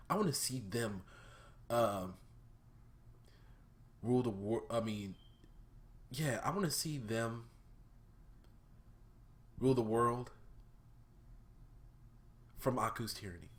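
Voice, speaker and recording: On his own vlog, a young man gives a casual, cursing review of a cartoon episode, veering from loud outbursts to quiet stretches. His mid-range voice is sing-song and slow, with long pauses.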